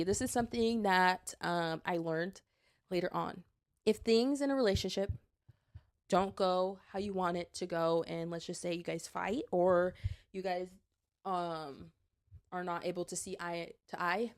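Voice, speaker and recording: A woman's voice: mid-range voice, fairly even intonation, moderate pace. A woman in her twenties hosting a solo podcast, chatting earnestly and handing out advice with lots of likes and restarts. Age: 20s. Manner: urging, advice-giving. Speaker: podcast host. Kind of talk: casual solo podcast talk.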